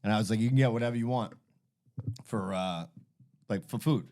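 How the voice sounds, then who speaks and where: A man's voice: fairly low pitch, a little fast, a little mellow. Guy rambling through a swear-heavy story on a podcast. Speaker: podcast host. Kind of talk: casual storytelling chat.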